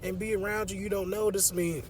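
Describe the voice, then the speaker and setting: A man doing a high, pleading lovesick woman. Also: flat delivery, a little fast, a little hiss or hum, natural voice. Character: lovesick obsessive young woman captive.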